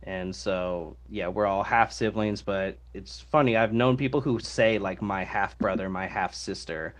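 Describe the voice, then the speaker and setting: A man with a fairly low voice talks loosely on a podcast, piling up fillers as he goes. His delivery is unhurried and conversational, like he's chatting with friends. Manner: relaxed, rambling, many fillers. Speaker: podcast co-host. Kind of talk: casual podcast discussion.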